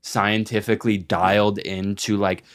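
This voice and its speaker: A man's voice: on the low side, flat delivery, unhurried. A young man in his twenties, co-hosting a podcast, rambling in casual chat with lots of swearing and filler words. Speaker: podcast co-host.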